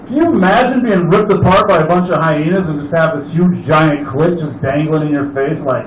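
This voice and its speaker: A man's voice: on the high side, lively intonation, brisk, echoey room, poor audio. A man doing open mic stand-up, telling a rambling, profane camping story. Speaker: stand-up comedian.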